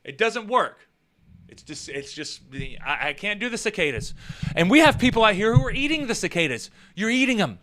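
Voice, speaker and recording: A man hosting his own show, telling rambling comic stories in a casual, animated way with swearing. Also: on the high side. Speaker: show host. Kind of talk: casual comedic storytelling.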